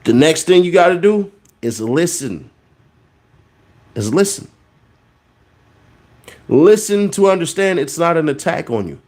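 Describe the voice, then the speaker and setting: A man's voice: a little high, animated, measured pace, pauses often, darkish tone. Preachy man riffing on a podcast. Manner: preachy, repeats words for emphasis. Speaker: podcast host. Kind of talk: casual commentary monologue.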